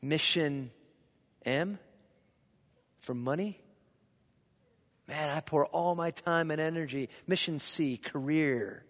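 Middle-aged male pastor from Indiana, high voice, animated anecdotal sermon delivery, reverberant hall. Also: slow pace, long pauses. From Indiana, USA. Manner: lively anecdotal storyteller, jokes with the audience. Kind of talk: storytelling sermon. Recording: long reverb of a large hall.

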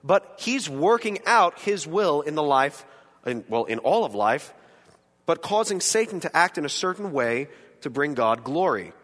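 A man teaching a Bible study in a conversational way, animated, with joking asides and rhetorical questions. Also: fairly high pitch, a little slow, in a large hall.

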